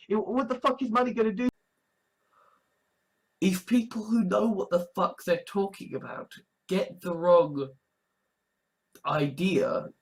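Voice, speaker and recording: A young man talking in a casual monologue, rambling with heavy swearing and sudden exasperated outbursts. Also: sits high. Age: young adult. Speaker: video essayist.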